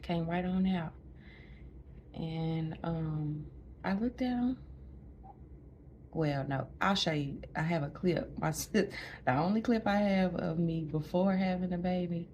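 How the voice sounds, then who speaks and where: A woman telling the story of giving birth in a chatty way, laughing often and dropping to a hush at times, in a hospital room. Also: lowish voice, measured pace, long pauses, highs cut off, slight background noise. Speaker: new mother recounting a birth. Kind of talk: casual storytelling to camera.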